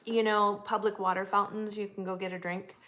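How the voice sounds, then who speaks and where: A woman's voice: mid-range voice, level tone, brisk, pushed and bright, a little hiss or hum. A woman in her forties from the US West Coast, chatting casually on a livestream and answering viewer comments. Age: 40s. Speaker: livestream host.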